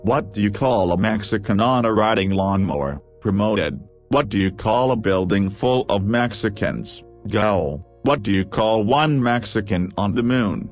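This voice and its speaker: A man reading a list of jokes aloud, with a steady question-and-punchline delivery. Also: lowish voice, a little slow, few pauses, soft background music. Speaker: joke reader.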